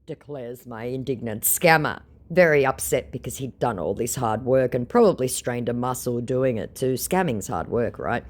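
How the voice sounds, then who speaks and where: A woman's voice: extremely low pitch, moderate pace, few pauses. Sarcastic Australian woman. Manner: sarcastic, mocking, animated. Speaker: scambaiter host. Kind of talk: storytelling commentary, reading out chats.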